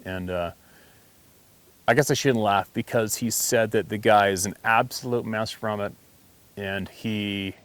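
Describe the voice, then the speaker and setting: A man's voice: lowish voice, fairly even intonation, measured pace, fairly bright tone, clear, resonant tone. A man hosting a hunting channel, telling a story in a blunt, emphatic, rambling way. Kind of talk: casual storytelling to camera.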